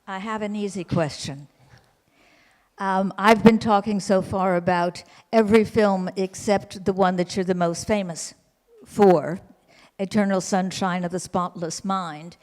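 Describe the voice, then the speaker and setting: A woman's voice: medium pitch, fairly even intonation, measured pace, a little mellow, in a large hall, poor audio. A woman hosting an onstage interview, asking long, articulate, probing questions. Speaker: interviewer, host.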